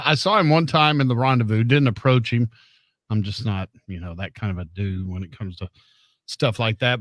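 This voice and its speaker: A man's voice: medium pitch, a bit bright, no room sound. A man hosting a radio show, telling a story in a loose, chatty way. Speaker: radio host. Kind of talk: casual storytelling on air. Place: radio studio.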